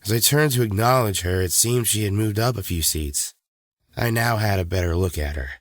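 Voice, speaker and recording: A man tells a horror story in the first person, calm and steady. His voice sits very low, and the recording is dry and close, with no room sound. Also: normal speed, no room sound. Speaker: narrator.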